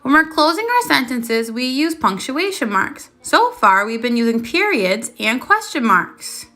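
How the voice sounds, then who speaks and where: Woman, first grade teacher on video, high bright voice, patient question-and-answer delivery. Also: sing-song, unhurried. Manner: patient, asks questions then confirms answers.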